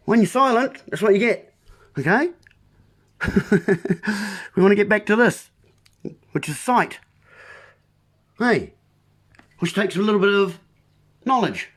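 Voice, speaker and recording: A man's voice: high voice, husky. A man delivering a rambling monologue as host, full of playful wordplay and talking straight to the listeners as folks.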